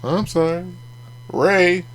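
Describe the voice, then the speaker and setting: A card collecting channel host chats through a casual card review vlog in a high-pitched voice with fairly even intonation, taking his time. He makes jokey asides and laughs at his own remarks, with slight background noise in the clip.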